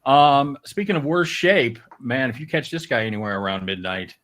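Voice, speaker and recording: Lively joking host from Kansas City. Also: male voice, medium pitch, normal speed, slight background noise. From Kansas City, USA. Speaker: show host. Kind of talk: casual sports betting chat.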